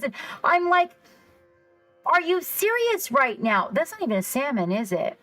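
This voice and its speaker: A woman hosting a casual livestream, rambling excitedly and reacting to her chat. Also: sits high, measured pace, low-quality recording. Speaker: livestream host. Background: faint background music.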